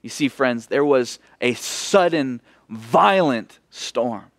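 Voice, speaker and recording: A man preaching a sermon as pastor, expressive, moving between emphatic lines and hushed ones. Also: medium pitch, takes it slowly, long pauses, dry recording, studio quality.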